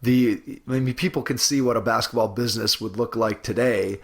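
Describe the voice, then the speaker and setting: A man hosting a podcast interview, relaxed, laughing along and asking the guest to go on. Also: medium pitch, a little fast, gravelly. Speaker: podcast host. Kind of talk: casual interview.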